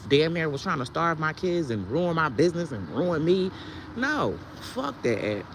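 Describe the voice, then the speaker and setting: A woman's voice: low-pitched, big pitch swings, moderate pace, noisy background. A woman who sells herbal products, ranting on her vlog in a heated, blunt, profane way. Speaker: herbal products seller and content creator.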